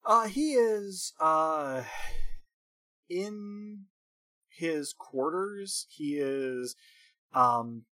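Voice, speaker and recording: A man narrating as game master of a tabletop game, unhurried and full of fillers and laughter. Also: on the high side, animated, bright, forceful tone, no echo. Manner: unhurried, filler-heavy storytelling with frequent laughs.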